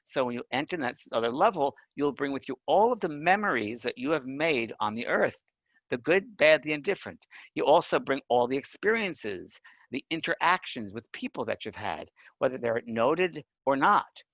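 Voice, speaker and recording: An earnest man teaches, his pitch swinging lively and his stress emphatic. The recording is dry and a bit muffled. He checks in with his listeners now and then. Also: normal speed, no room sound. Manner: earnest, emphatic, often asks the listener "right?". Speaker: psychic medium teaching a course. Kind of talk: spoken lesson.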